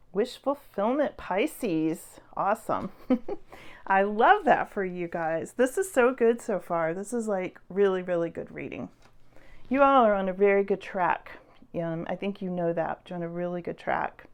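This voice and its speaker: A woman giving a casual tarot reading to her viewers, chatty and encouraging, with many fillers and soft laughs. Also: on the low side. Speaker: tarot reader.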